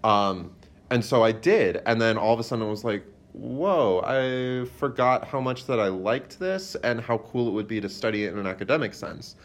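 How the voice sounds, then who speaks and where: A young man with a lowish voice is a guest on a podcast. He talks loosely and rambles, filling his sentences with "like" and "um" as he explains things. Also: brisk. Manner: rambling, many fillers, lots of "like". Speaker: playwright guest. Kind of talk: casual interview chat.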